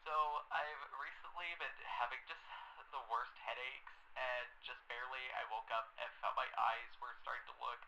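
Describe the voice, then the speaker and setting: A man's voice: medium pitch, fairly even intonation, moderate pace, creaky, pushed and bright, lo-fi sound, slight background noise. A man voicing an anxious caller on a hotline in a game, pleading and then frantic.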